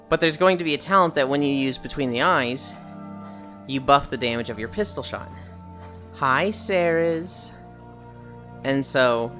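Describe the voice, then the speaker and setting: A man's voice: fairly high pitch, sharp tone. A man streaming while walking, chatting casually about a video game with lots of fillers and casual swearing.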